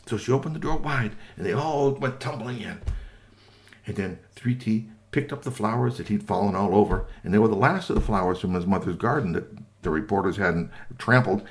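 A man telling a made-up bedtime story to children, gentle and animated, adding sound effects and voices. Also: on the low side, fairly quick.

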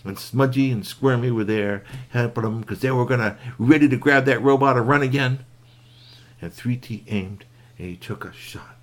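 A man telling a bedtime story to a child, animated, with sound effects and asides to the listener. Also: medium pitch, moderate pace.

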